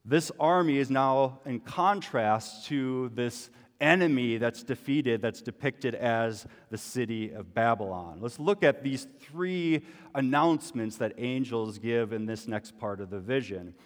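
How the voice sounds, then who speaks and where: A man's voice: medium pitch, a little slow. A man giving a sermon as a pastor, conversational and full of rhetorical questions. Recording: long hall reverb.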